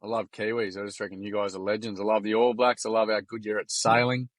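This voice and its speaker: An Australian man telling lively stories in a casual podcast chat, full of slang and acted-out quotes. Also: lowish voice, fast, dry recording, studio quality. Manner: animated yarn-telling, acts out quoted voices, slangy. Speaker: podcast guest.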